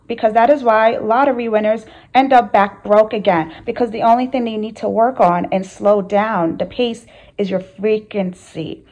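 A woman's voice: medium pitch, steady tone, normal speed, darkish tone, highs cut off. A woman hosting her channel, speaking earnestly to camera in a casual motivational talk, with repeated phrases and rhetorical questions. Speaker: spiritual coach and channel host.

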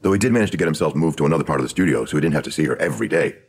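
A man voicing a sharp, sardonic woman screenwriter of the 1920s in a true crime audio drama, with a dry, knowing manner. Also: very deep voice, very fast, husky. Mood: confiding.

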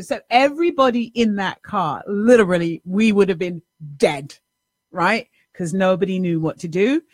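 A woman talks straight to the listener at a middle pitch, telling a story with animated energy. She acts out the dialogue and swears freely. The sound is dry and close, with no room around her. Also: moderate pace, no room sound. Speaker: life coach and show host. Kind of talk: casual monologue.

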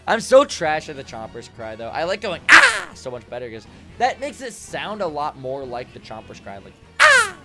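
A young man streaming a game from a home room with acoustic foam, rambling excitably, swearing and laughing often. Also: medium pitch, normal speed, over loud music. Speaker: gaming streamer. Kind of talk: casual live-stream commentary while gaming.

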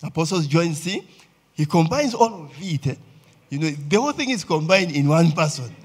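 A man preaches with a Ugandan accent, his voice a little husky and pitched on the high side. He talks to the congregation conversationally, tossing in "eh?" and "okay?" to keep them with him. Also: lively intonation, normal speed. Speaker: pastor. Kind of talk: sermon.

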